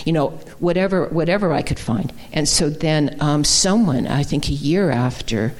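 A woman's voice: deep voice, lively intonation, moderate pace, a little mellow. Folksy woman giving a sermon. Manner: conversational, folksy, with many fillers and restarts. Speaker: guest speaker. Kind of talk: informal sermon.

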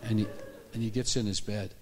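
A man's voice: lowish voice, fairly even intonation, brisk, darkish tone, slight background noise. A man preaching a sermon in a church, telling stories with energy and acting out the people in them. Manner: storytelling, acts out the people in his stories.

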